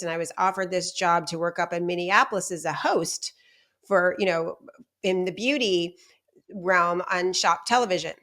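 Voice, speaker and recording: Chatty woman host telling a story. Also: lowish voice. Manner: chatty, quotes herself and others in lively asides. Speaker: podcast host. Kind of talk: casual chat, personal storytelling.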